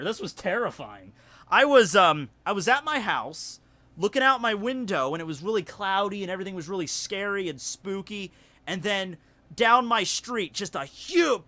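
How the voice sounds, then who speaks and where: A man with a Southern US accent, telling a story in casual livestream chat, rambling and animated with lots of fillers. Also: high voice. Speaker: YouTuber hosting a livestream.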